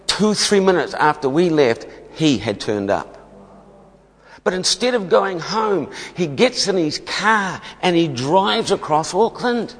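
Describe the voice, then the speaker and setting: Emphatic New preacher in a reverberant hall. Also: male voice, high-pitched, sing-song, takes it slowly. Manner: storytelling, emphatic, often laughing. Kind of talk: sermon testimony.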